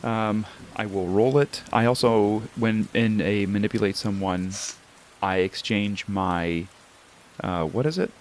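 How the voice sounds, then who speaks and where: Hesitant, joking low-voiced man. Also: steady tone, measured pace, slight background noise. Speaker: player. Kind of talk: casual game chat.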